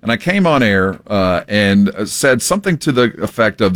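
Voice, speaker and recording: Deep-voiced man telling a story. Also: sing-song, moderate pace, a bit bright, no echo. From San Antonio, Texas. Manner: dry wisecracks and anecdotes. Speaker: radio show co-host. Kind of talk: casual radio banter and storytelling.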